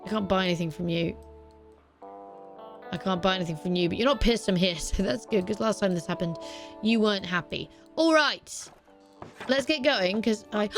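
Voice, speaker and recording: A woman casually chatting through a cozy video game, gushing excitedly over a pet dog. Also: mid-range voice, unhurried, pauses often, soft background music. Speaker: gaming YouTuber. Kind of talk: casual let's-play commentary.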